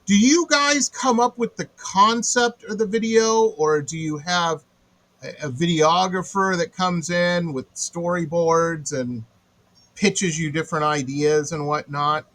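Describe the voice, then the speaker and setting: A man's voice: on the high side, a little slow, low-quality recording. A man from Detroit hosting a radio interview, telling stories with sarcastic exaggeration. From Metro Detroit. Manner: animated storyteller, sarcastic exaggeration. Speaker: radio show host. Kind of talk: casual interview chat.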